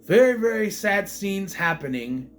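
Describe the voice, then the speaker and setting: A man's voice: high voice, lively intonation, measured pace, slight background noise. A man giving a casual spoken film review, retelling scenes with incredulous rhetorical questions. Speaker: movie reviewer.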